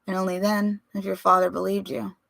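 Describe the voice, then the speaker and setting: Icy calm mother, read by a woman, measured and quiet. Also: creaky, dry recording. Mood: coolly calm. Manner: low, even, measured.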